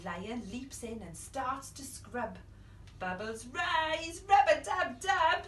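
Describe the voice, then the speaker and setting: A young woman reads a picture book aloud to children, playful and dramatic, with hushed whispers and gasps. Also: sits high, takes it slowly, roomy sound, far from the mic, a little hiss or hum. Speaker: children's storyteller.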